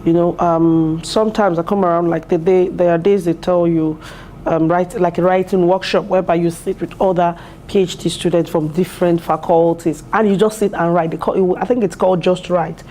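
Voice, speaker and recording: Earnest mellow-voiced woman in her thirties. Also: fairly low pitch, steady tone, a little fast, a little hiss or hum. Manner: earnest, heartfelt, with many fillers and restarts. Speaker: PhD student and mother. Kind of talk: interview testimonial. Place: university building.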